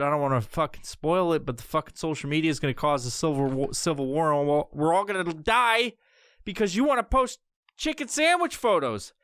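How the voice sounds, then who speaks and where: A young adult man hosting a podcast, ranting casually and profanely, often jumping into squeaky high voices for bits. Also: fairly bright tone, clean tone, no echo, studio quality. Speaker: podcast host. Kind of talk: casual comedic podcast rant.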